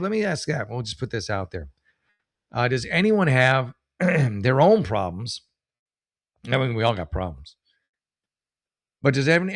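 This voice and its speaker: A man hosting a casual comedic commentary show, rambling and self-mocking, with many restarts and drawn-out punchlines. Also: mid-range voice, a bit bright. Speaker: host.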